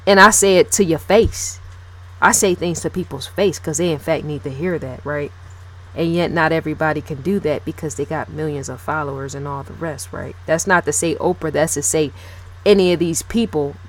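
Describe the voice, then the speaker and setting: A woman talking straight to camera in a casual, opinionated commentary, blunt and emphatic, repeating herself and swearing freely. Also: mid-range voice. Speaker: video blogger.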